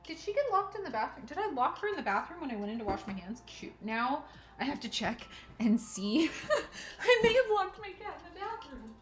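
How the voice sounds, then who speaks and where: Her voice sits high and is very animated, at a normal speed, as a woman hosts a crafting livestream. She giggles and chats casually while sorting thread at home, addressing herself and her cat. The room echoes, and faint music plays.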